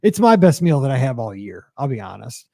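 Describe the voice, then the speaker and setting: A man in his forties, a podcast host, telling a story in casual chat with many fillers and excited jumps in pitch. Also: a little fast, vocal fry, no room sound, studio quality.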